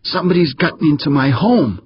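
A man voicing a frightened, cornered man who talks in a shrill, pleading rush. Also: a little slow, muffled recording, slight background noise. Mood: terrified.

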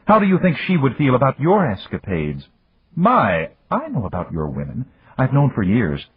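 A man with a very husky voice voicing a proud, stubborn young woman in an audiobook. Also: medium pitch, huge pitch swings, moderate pace, no room sound, pitched above the performer's own voice, heavily acted. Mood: defiant. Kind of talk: audiobook character voice. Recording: dry, tinny phone-like audio.

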